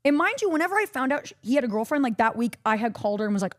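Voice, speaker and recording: A young woman from Texas tells a long, tangled story to a friend. She acts out everyone's lines with real energy and swears freely. Her voice sits a little high. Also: very fast. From Corpus Christi, Texas. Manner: animated, acts out quotes, swears a lot. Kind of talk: casual storytelling.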